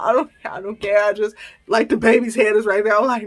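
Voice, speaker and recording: Speaking a little fast in a fairly high voice, a woman recounts a personal story on her podcast. She's animated and relaxed, breaking into laughter and dramatizing her own remarks.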